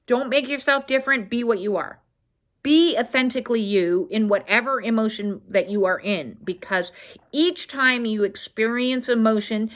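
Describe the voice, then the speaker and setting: A woman's voice: mid-range voice, a bit bright. A woman trauma-healing coach giving a casual self-help talk, earnest and direct, often checking in with "okay?" and talking through her inner dialogue. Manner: talks through inner dialogue, frequent "uh" fillers.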